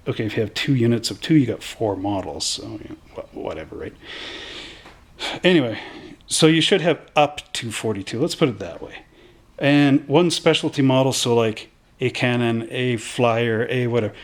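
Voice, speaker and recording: A man hosting from a hobby shop, rambling through game rules in a casual, self-correcting way. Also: mid-range voice.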